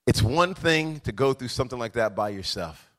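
A man preaching a sermon, moving between quiet conversational asides, chuckling stories and a rising, rhythmic preacher's cadence. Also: medium pitch, expressive, moderate pace. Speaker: pastor.

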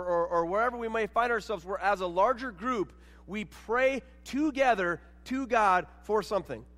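A man's voice: high voice, fairly bright tone, big-room sound. A man preaching a sermon in a church as a church leader, talking earnestly and often repeating words as he restarts his sentences. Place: church sanctuary.

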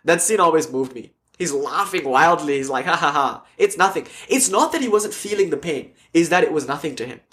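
A spiritual teacher leads a casual class that includes an online audience. His voice is on the high side and fairly quick, with few pauses, and his storytelling is animated, complete with acted-out quotes.

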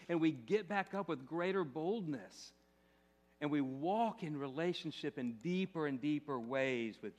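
A male pastor preaching a sermon, repeating phrases and asking the congregation rhetorical questions. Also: medium pitch.

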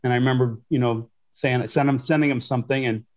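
A man's voice: mid-range voice, fairly even intonation, quick pace. Rambling middle-aged man telling stories. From Western New York. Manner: rambling, with many restarts and fillers. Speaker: guest. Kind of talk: conversational storytelling.

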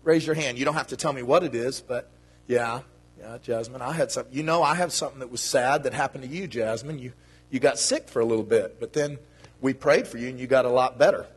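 A man's voice: mid-range voice, fast talker, slightly rough. A man giving a children's sermon in a church, talking to the kids in a playful, friendly way. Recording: long reverb of a church hall.

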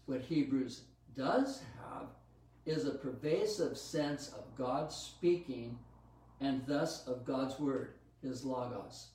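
A man's voice: mid-range voice, slow pace, a little mellow. A man preaching a sermon, teaching earnestly about Scripture with some fillers and restarts. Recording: very echoey room, from a distance.

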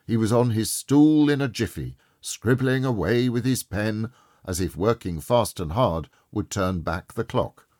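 A middle-aged man narrating a storybook with dramatic expression. His low voice carries a husky grain and moves widely in pitch. The recording is close and dry. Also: expressive, unhurried, a little mellow, dry recording. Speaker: audiobook narrator.

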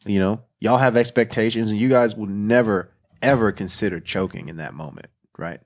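A man trash-talking his friend about college football on a podcast. He is loud and teasing, laughing often in casual banter. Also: lowish voice, normal speed. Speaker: podcast co-host.

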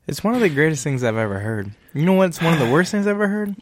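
A man's voice: a little high, sing-song, fast, dry recording, studio quality. A man co-hosting a podcast, telling stories and laughing often. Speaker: podcast co-host. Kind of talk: casual chat.

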